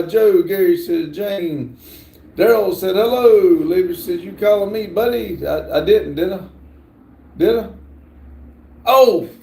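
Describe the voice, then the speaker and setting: Middle-aged male streamer, gravelly and unhurried, halting and apologetic as he reads viewer comments. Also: on the high side, dark tone. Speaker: livestream host. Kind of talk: casual livestream chat. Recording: roomy echo.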